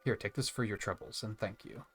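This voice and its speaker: Wistful old-world clan survivor from a game, a guy just reading it out, low-ish bright voice, faint music. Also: a little fast, slightly rough. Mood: reflective. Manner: reads the game text aloud plainly. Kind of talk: reading game dialogue aloud.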